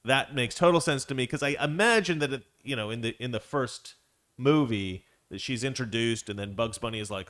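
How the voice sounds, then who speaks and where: A man's voice: medium pitch, brisk, a bit bright. A young man hosting a show, giving casual, sarcastic commentary with frequent laughs. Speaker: show host.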